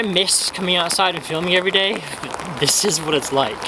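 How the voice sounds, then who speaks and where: A man's voice: high-pitched, a little fast, bright, forceful tone, slight background noise. Chatty rambling man vlogging from his desk. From Wales. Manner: chatty, meandering, wry, laughs at himself. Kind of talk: casual rambling vlog. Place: dim room at his desk at home.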